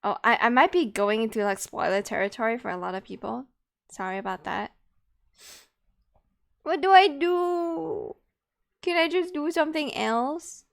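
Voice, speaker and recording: Young woman streamer, slightly high voice, giggly and self-mocking. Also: animated, brisk, vocal fry, a bit bright. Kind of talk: casual live-stream chat.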